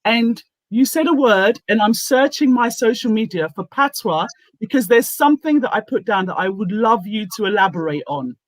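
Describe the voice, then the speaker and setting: A woman hosting a casual online talk show, speaking deliberately and reading out her own posts with emphasis. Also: fairly high pitch, lively intonation, no room sound, low-quality recording. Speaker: host.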